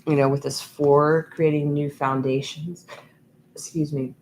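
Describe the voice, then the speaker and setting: A woman giving a channeled tarot reading, talking slowly and meandering with many ums and restarts. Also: deep voice, level tone, darkish tone, a little hiss or hum, rough recording. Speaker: tarot reader. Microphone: USB microphone.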